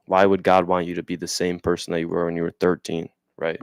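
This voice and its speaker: Young man, very low voice, rambling slangy monologue, reads and riffs, dry close sound. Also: completely flat delivery, quick pace, clear, resonant tone, no echo. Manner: rambling, slangy, checks in with "right?"; reads passages aloud then riffs on them. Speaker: vlogger. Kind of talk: casual explanatory monologue.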